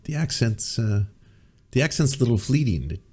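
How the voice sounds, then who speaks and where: A man's voice: medium pitch, very animated, moderate pace, mellow, breathy edge. A man hosting a political comedy stream, reacting to clips with dry, stammering sarcasm.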